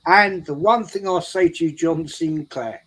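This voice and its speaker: A man's voice: on the high side, a little slow, a bit bright, poor audio. A man telling a rambling story in casual chat, repeating his words as he goes. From England. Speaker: show regular. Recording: faint background noise.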